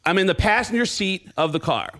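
A man's voice: lively intonation, fairly quick, fairly bright tone. A Canadian man telling a comic story on a radio show, acting out everyone's lines and laughing as he goes. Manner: acts out other people's lines, pitch jumping high and low, laughing through the story. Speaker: comedian guest telling a story. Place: radio studio.

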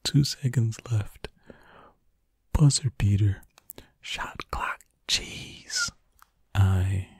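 Man, slow breathy whisper, low and gravelly, fretful self-talk, close mic ASMR commentary. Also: huge pitch swings, no echo. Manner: fretful muttering to himself. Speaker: ASMR creator.

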